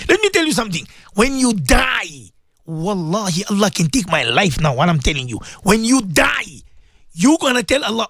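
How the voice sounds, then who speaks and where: A man hosting an Islamic radio show as a maulana, preaching with passion and repeating himself for emphasis. He has a sore throat and keeps clearing it. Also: sits high, big pitch swings, moderate pace, a bit bright, dry recording, studio quality. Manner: impassioned, repetitive, rising to emphatic peaks.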